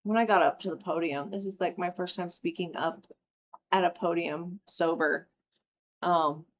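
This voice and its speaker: A young woman candidly telling a personal recovery story, emotional and quick to swear. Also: lowish voice, gravelly, a little hiss or hum. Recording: slightly dull lo-fi audio.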